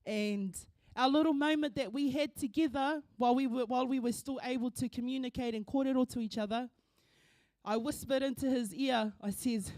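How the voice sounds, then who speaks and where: High-voiced New Zealand woman telling stories. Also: brisk, no room sound, studio quality. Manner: warm, laughing through tears, mixes in Māori words. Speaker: eulogy speaker, daughter of the deceased. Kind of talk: emotional storytelling at a funeral service. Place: church.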